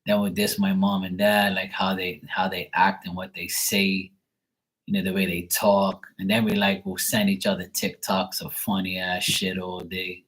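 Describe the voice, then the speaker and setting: A man chatting casually to camera, rambling and swearing freely in a relaxed way. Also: low voice, moderate pace, low-quality recording. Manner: rambling, profane, laid-back. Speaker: tarot reader, channel host.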